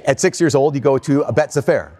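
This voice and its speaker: A priest reading the gospel aloud and then preaching a casual, conversational homily. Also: male voice, medium pitch, a little mellow. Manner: reads scripture slowly, then talks casually with fillers and laughs. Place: church.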